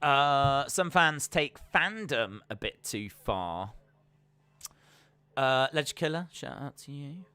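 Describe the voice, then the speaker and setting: A man's voice: medium pitch, lively intonation, slow pace, pushed and bright, clear, resonant tone, dry recording. A man chatting casually on a live reaction stream, repeating himself often as he talks. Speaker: streamer hosting a watch-along.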